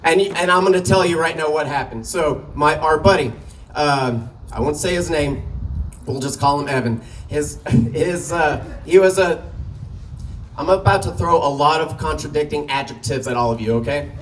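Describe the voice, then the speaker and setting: A man performing stand-up, rambling through a crude story and chuckling at his own jokes. His voice sits on the high side. The mic picks him up from some distance, with a faint hiss of noise behind him. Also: normal speed. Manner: loose storytelling, profane, laughing at own jokes. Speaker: stand-up comic. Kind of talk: stand-up comedy set. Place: small comedy venue.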